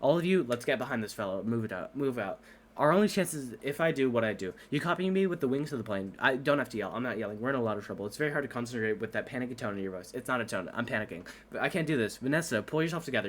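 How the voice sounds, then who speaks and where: A man's voice: medium pitch, expressive, fast, fairly bright tone. A man reading a whole movie script aloud at breakneck speed for laughs, doing every character in his own voice and tripping over words. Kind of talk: rushed comedic script reading.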